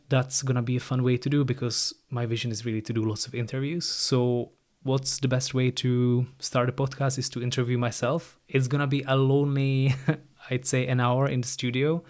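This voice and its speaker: A man's voice: mid-range voice, little pitch movement, normal speed, darkish tone. A man hosting a solo podcast, talking casually in non-native English with a light Irish tinge and often starting sentences with "look" or "like", recorded on a studio microphone. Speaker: podcast host. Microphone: new studio microphone.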